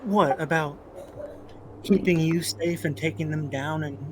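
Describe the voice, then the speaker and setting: Man playing a fierce caring woman, firm, scolding tone, fairly high voice, noisy recording. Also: a little slow, lightly acted. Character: protective stern woman, caring but fierce.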